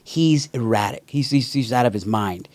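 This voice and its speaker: A man who is a stand-up comedian and podcast host, telling an animated, profane story in casual chat. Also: medium pitch, moderate pace, no room sound.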